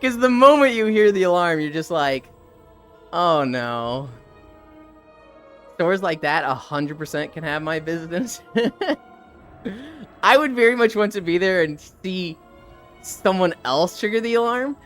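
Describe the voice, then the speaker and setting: A live streamer strolls and chats with faint music in the background, speaking unhurriedly in a medium-pitched, slightly bright voice with lively intonation. Their funny stories come with plenty of laughs and swearing, plus impressions of the people in them.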